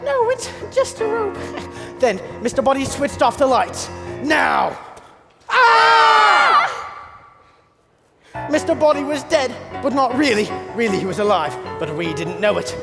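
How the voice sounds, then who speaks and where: A man playing a theatrical butler who narrates in a school stage play, telling the story with dramatic, animated energy. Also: extremely high pitch, moderate pace, vocal fry, few pauses, heavily acted. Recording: long hall reverb with loud music.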